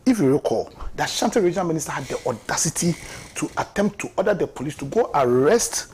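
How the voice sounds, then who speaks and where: A man's voice: on the high side, lively intonation, quick pace, a little mellow, breathy edge. A man with a Ghanaian accent giving impassioned, mocking political commentary on a talk show, often repeating words for emphasis. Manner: impassioned, mocking, repeats words and laughs at his own jabs.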